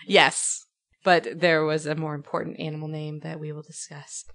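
A woman's voice: low voice, measured pace. A woman co-hosting a podcast, telling a story in casual chat and laughing often as she goes. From New Mexico. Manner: laughing storyteller, animated retelling. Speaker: podcast co-host.

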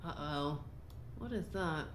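A woman's voice: low-pitched, expressive, slow. A woman in her twenties giving jumpy, exclaiming commentary while playing a video game. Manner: jumpy, exclaiming, easily startled. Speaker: gaming YouTuber. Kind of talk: let's play commentary. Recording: echoey room, faint noise.

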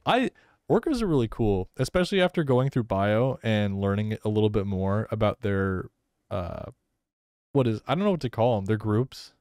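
A man's voice: on the low side, smooth, no echo, clean studio sound. A young man co-hosting a college radio show, chatting loosely and rambling. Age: young adult. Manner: rambling, animated, quick to laugh. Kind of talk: casual chat. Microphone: studio microphone.

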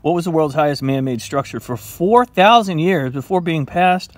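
A man's voice: a little high, moderate pace. A man casually quizzing himself on trivia while eating, playful and self-mocking, now and then talking to his dog. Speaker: vlogger.

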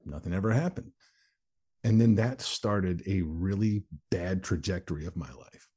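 A man speaks as an interview guest, recounting his own life bluntly and without polish, swearing now and then. His voice sits low and dark with a husky, breathy edge. He talks plainly, like someone used to telling this story to a crowd. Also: normal speed. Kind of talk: candid personal storytelling in conversation.

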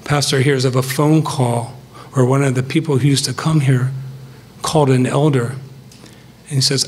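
A man's voice: mid-range voice, steady tone, unhurried, pauses often, slight background noise. A middle-aged man giving a farewell sermon to his church, earnest and emphatic in short, punchy phrases.

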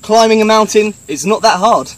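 A man's voice: high-pitched, normal speed, slight background noise. A young British man hosting a comedy travel vlog outdoors, jokey and self-mocking. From Britain. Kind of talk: comic travel vlog narration. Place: outdoors on a mountain trail.

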